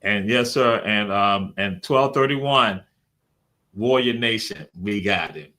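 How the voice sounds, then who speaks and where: A man's voice: lowish voice, takes it slowly, pushed and bright. A man hosting a casual live talk show, asking questions in a folksy, repetitive call-and-response way. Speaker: host.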